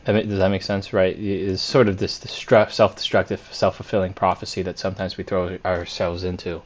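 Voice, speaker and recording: A man with a fairly low voice walks through his trades, openly picking apart his own mistakes. He thinks out loud, with fillers and restarts as he goes. The recording sounds dull and lo-fi. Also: flat delivery, a little fast. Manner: self-critical, candid, thinks aloud with fillers. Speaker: day trader reviewing his week. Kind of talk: screen-share trade review.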